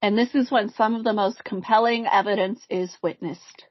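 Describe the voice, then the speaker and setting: A woman co-hosting a podcast, telling a haunting case in a measured casual way among friends. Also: medium pitch, steady tone, no room sound. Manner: reads the story in a measured way, breaks into laughter. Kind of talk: casual storytelling chat. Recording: dull, slightly lo-fi podcast mic.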